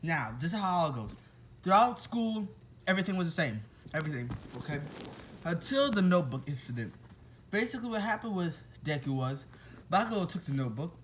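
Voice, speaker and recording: A man's voice: high-pitched, sing-song, brisk, a bit bright, slight background noise, low-quality recording. Man rambling through a made-up story. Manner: rambling, with restarts and asides to listeners. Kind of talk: casual improvised fan-fiction storytelling.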